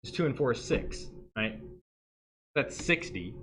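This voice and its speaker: A man's voice: mid-range voice, a little slow, a bit bright, a little hiss or hum. A male math teacher giving a livestreamed lesson in a joking way, often checking in with "right?". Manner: joking, asks "right?" constantly.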